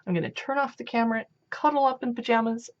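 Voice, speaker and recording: A woman's voice: on the high side, quick pace. A woman chatting casually as she flips through a cookbook, gushing and thinking aloud. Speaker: cookbook reviewer. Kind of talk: casual flip-through commentary. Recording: dull lo-fi home video audio.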